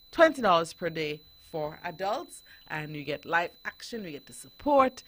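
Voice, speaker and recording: Woman radio host, bright and forceful, earnest and direct with parents, casual studio talk. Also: fairly low pitch, sing-song, moderate pace, few pauses.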